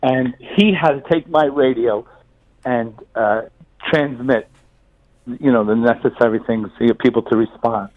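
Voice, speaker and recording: A man's voice: medium pitch, measured pace, narrow, tinny audio. Chatty New caller, older man. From New York City. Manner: chatty, repeats words as he goes. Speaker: caller, retired police officer. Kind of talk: phone-in storytelling.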